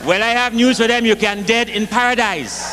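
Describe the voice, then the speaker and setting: A man doing live comic storytelling with an animated, rhythmic Caribbean delivery. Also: very high voice, moderate pace, noisy background.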